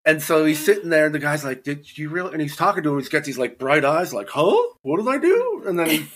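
A man chatting casually, telling a story in a relaxed, halting way. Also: a little high. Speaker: comedian. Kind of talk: casual chat.

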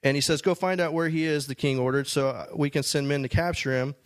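A man's voice: a little high, steady tone, fairly quick, dry recording. Guy preaching a sermon, chatty, lots of restarts, dry close mic. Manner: conversational, many restarts and fillers. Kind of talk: sermon with scripture reading.

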